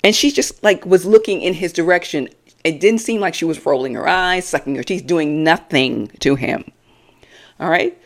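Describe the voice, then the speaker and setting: A woman's voice: on the low side, normal speed. A woman reviewing a reality TV episode on her own, blunt, sassy and mocking in her opinions. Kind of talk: opinionated solo commentary.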